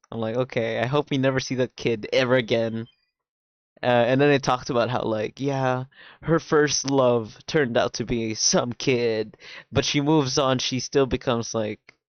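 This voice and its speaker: Casually chatting on a stream, a man animatedly walks through a drama's plot, swearing often and filling gaps with "like." His voice sits at a typical middle pitch, recorded with no room sound on what seems a modest home mic, a little dull.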